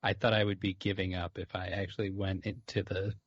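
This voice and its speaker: A man's voice: low voice, level tone, brisk, breathy edge, dry recording, dull audio. A man co-hosting a casual podcast chat, laid-back and dry in his remarks. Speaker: podcast co-host.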